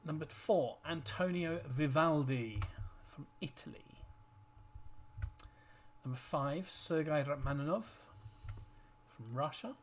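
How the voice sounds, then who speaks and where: A man's voice: fairly high pitch, takes it slowly, pauses often, slight background noise. A man co-hosting a casual family quiz video, reading out the answers with dry, joking asides.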